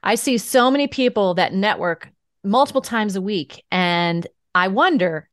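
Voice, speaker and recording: Animated woman voice coach, dry sound. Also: mid-range voice, unhurried, dry recording. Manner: animated, laughs often, coaching tone. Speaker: guest speaker and voice coach. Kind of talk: podcast interview answers.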